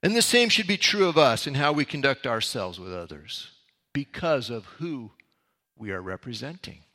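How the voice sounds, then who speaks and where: A man's voice: mid-range voice, big pitch swings, moderate pace, pushed and bright. A man preaching a sermon, reading verses aloud and explaining them with casual asides. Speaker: pastor.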